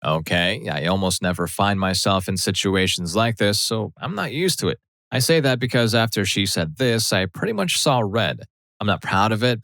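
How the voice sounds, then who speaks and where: Deep-voiced man reading a story. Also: a bit bright, dry recording, clean studio sound. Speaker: story narrator.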